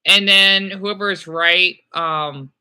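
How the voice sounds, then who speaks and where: A man's voice: high voice, fairly even intonation, slow pace, bright, forceful tone, clear, resonant tone. A young man chatting to viewers on a livestream, rambling and apologetic, with many halts and fillers. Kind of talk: rambling live chat with viewers.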